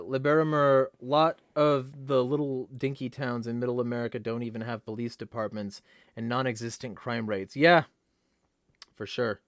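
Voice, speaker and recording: A man's voice: medium pitch, no echo, studio quality. A man hosting a casual livestream, reading chat comments aloud and ranting bluntly with lots of profanity. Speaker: livestream host.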